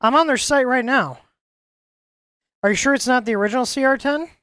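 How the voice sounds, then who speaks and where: A woman's voice: sits high, brisk, a bit bright, no echo, studio quality. A woman hosting a live stream, chatting casually and ranting in exasperation, often stumbling and repeating words.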